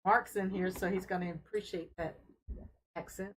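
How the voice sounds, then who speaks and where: A woman hosting a casual fish-keeping live stream from her home fish room, talking in an unhurried, friendly way with fillers as she carries her camera from tank to tank. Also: fairly low pitch, fairly even intonation, poor audio. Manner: unhurried, friendly, talks while showing tanks, with fillers. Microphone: handheld camera she carries around.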